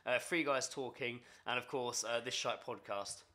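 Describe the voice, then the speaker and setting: A man co-hosting a casual English podcast, laid-back and chatty, reeling off lists of shout-outs. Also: mid-range voice, moderate pace. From England. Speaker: podcast co-host. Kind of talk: casual chat. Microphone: studio microphone at a table.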